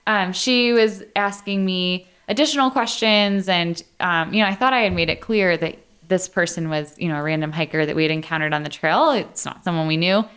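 Clear-voiced woman co-host telling a story. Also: fairly low pitch, fairly quick, few pauses. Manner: laughs often, relaxed storytelling. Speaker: podcast co-host. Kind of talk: casual storytelling chat.

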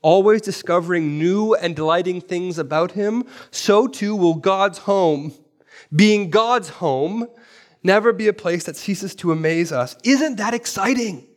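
A high-voiced man preaching to his congregation in a church. He drives his points home with rhetorical questions and repeated phrases, in an animated way. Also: unhurried. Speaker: pastor. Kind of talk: sermon.

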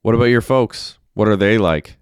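A man's voice: on the low side, normal speed, smooth, no room sound, pitched above the performer's own voice, natural voice. A man reading aloud and voicing an awkward young man who talks in a dry, joking way.

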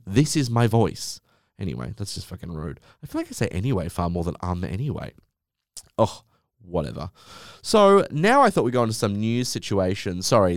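A man's voice: on the low side, dry recording, studio quality. A man hosting a solo podcast, talking in a sarcastic, rambling way and swearing often. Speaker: podcast host.

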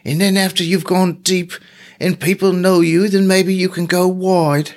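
A know-it-all marketing guru, put on by a man in a hammy mock-British accent that drifts into Cockney. The voice jumps well above his usual low register and turns sing-song and preachy, lecturing like a self-help expert. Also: little pitch movement, unhurried. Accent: mock British sliding into Cockney.

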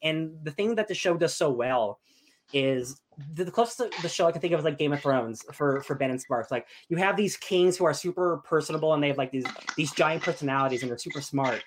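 A young man chatting casually as a podcast host, gushing and excitable with lots of fillers. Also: fairly high pitch, fairly quick, slight background noise. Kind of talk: casual chat.

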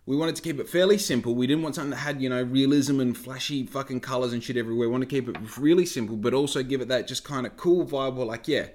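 Man, young adult, casual vlog chat, rambling, heavy swearing, bursts of loud ranting. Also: mid-range voice, fast talker, hardly any pauses. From Australia. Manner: swears a lot, rambling, flares into loud rants. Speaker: vlogger.

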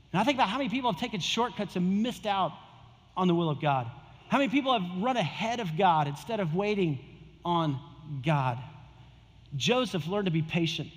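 A man's voice: high-pitched, expressive, fairly quick, big-room sound. A male pastor preaching a sermon in a casual, conversational way, repeating his key phrases.

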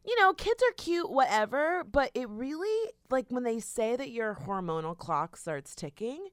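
Animated, laughing woman chatting. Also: on the high side, moderate pace, no echo, clean studio sound. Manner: laughing, swearing, animated storytelling with acted quotes. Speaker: podcast co-host. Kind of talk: casual chat.

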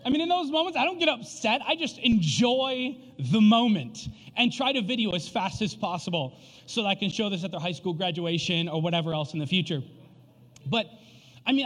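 A man in his thirties preaching a sermon, telling a family story in an animated, casual way with frequent fillers. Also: sits high, fairly quick. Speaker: pastor. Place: church sanctuary. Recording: long reverb of a church hall.

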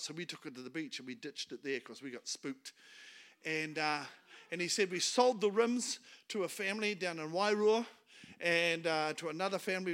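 Animated, bright-voiced New Zealand preacher man. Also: sits high. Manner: humorous, animated, laughs at his own jokes. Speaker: guest speaker pastor. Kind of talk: storytelling sermon.

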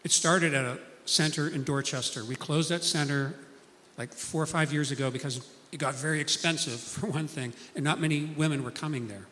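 A man's voice: fairly high pitch, steady tone, a little fast, fairly bright tone, big-room sound, a little hiss or hum. A man preaching a sermon, telling stories earnestly and acting out the people he quotes.

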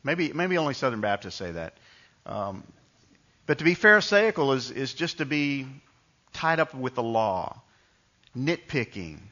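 Bright-voiced preacher telling stories. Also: male voice, mid-range voice, sing-song, unhurried, long pauses, highs cut off. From New York. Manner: conversational storytelling with frequent restarts. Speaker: pastor. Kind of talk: sermon.

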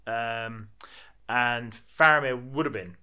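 A man's voice: mid-range voice, takes it slowly, sharp tone, clear, resonant tone. A young man rambling through a casual, jokey film chat with lots of fillers.

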